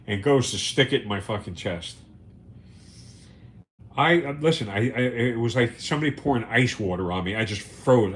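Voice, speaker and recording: A man's voice: medium pitch, fairly bright tone. A man on a livestream telling a story in a casual monologue, cursing often, repeating words and acting out what people said. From United States. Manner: profane, emphatic, repeats words, acts out quotes. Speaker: livestream host.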